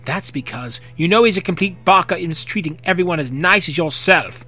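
A man's voice: high voice, animated, fairly quick, sharp tone, exaggerated voice. Male reader as a protective teen girl, fierce, whispered. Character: fierce loyal teenage girl friend.

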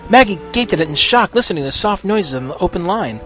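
A man narrating a story in an expressive reading. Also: high voice, fast talker, soft background music. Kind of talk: storybook reading of fan fiction.

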